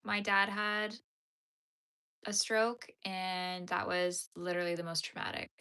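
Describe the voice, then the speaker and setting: A woman's voice: fairly low pitch, fairly even intonation, a little slow, sharp tone, clear, resonant tone. A woman hosting a crochet livestream, chatting casually and answering viewer comments as they come in. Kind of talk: casual chat with live viewers.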